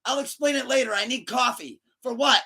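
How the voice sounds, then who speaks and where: A man voicing a panicked young male pop star who wakes up in another man's body, shouting in a high, strained voice. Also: brisk, vocal fry, husky, exaggerated voice. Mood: frantic.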